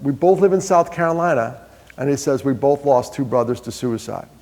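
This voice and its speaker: A man's voice: medium pitch, fairly quick. A man from New York giving a live talk on mental health, telling stories, quizzing the audience and joking about himself. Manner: animated storyteller, quizzes the crowd, jokes about himself. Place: large hall with an audience. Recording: long hall reverb.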